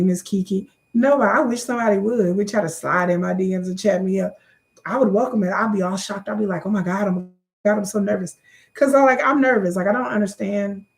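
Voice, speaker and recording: Sassy woman vlogger with a gravelly edge. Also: medium pitch. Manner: sassy, joking, loose and repetitive. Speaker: YouTube creator. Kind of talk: casual chat to camera.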